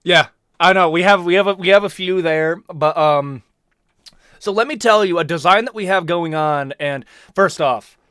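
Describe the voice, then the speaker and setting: A young man hosting a live stream, chatting in an animated, slangy, rambling way. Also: sits high, moderate pace, smooth, no room sound, clean studio sound. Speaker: host. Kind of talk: casual live-stream chat.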